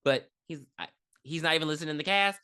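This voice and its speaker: A woman's voice: deep voice, brisk, smooth. A woman co-hosting a podcast, casually and profanely recapping a horror movie and acting out its characters. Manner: profane, animated, acts out characters in her retelling. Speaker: podcast co-host.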